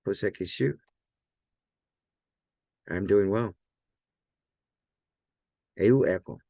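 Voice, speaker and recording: A man teaching a language lesson in a relaxed, loose way, often checking in with "right?" and filler words. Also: deep voice, drawn-out words, vocal fry, dry recording, studio quality. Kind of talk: casual explanatory lesson.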